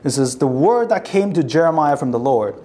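A woman's voice: low voice, animated, a little fast, dark tone. A woman preaching a sermon, telling the scene as a story and acting out how the crowd reacts, often repeating and restarting words as she builds. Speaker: pastor.

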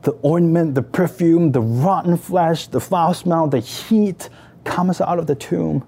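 Male meditation guide, mellow and slightly high, emotive second-person narration. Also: measured pace, slightly rough. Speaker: prayer leader.

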